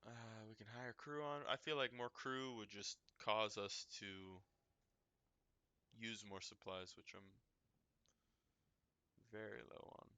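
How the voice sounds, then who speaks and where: A man casually playing a video game, reacting excitably and reading the game's text aloud to viewers. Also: lowish voice, slow pace, pauses often. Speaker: game streamer.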